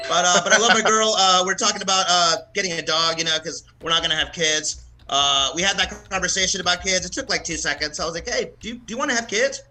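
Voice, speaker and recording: A man's voice: high voice, steady tone, fast, sharp tone, poor audio. A man from the American South doing a casual, profane stand-up set at an open mic, laughing at his own jokes. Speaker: stand-up comedian.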